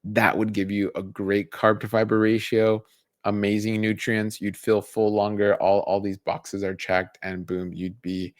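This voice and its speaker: A man's voice: on the low side, no echo, clean studio sound. A middle-aged man, a dietitian, talking casually through a list of food label tips, with restarts and fillers. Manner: conversational, restarts and fillers, enumerating points. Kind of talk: casual educational talk.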